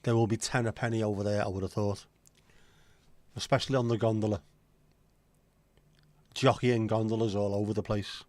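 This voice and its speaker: A man's voice: fairly low pitch, flat delivery, moderate pace, long pauses, darkish tone, dry recording. A man hosting a casual livestream, chatty and joking as he answers viewer comments. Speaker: livestream host.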